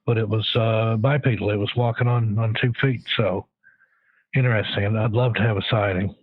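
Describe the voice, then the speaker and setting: A man's voice: lowish voice, fairly even intonation, a little fast, breathy edge, dry recording. A man from the Pacific Northwest calling in as a guest on a radio show, answering in a thoughtful, hesitant way with many fillers. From Pacific Northwest, United States. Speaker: guest, paranormal researcher. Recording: tinny phone line.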